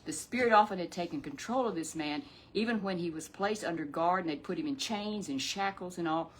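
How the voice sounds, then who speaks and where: A woman telling a Bible story to a puppet, in an animated, rambling way with drawn-out emphasis. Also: lowish voice, slight background noise.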